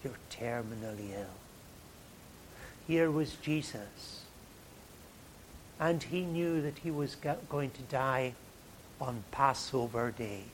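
Slow, dramatic male preacher. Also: mid-range voice, a little hiss or hum. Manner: dramatic, swings from hushed to loud. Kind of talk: sermon.

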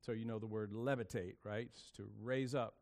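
Man preaching a relaxed sermon. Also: fairly low pitch, moderate pace. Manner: casual, thinking aloud with fillers. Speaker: pastor.

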